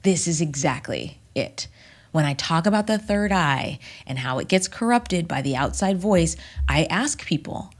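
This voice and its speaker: A woman voice teacher and author in a reflective podcast interview, speaking in a measured, emphatic way that sometimes sinks to a whisper. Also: lowish voice, animated.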